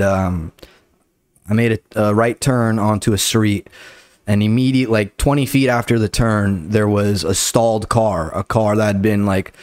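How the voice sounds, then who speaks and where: A man's voice: lowish voice, a little mellow, dry recording, clean studio sound. Rambling, foul-mouthed male comedian. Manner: profane, rambling, loose. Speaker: comedian and podcast host. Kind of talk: casual comedic storytelling.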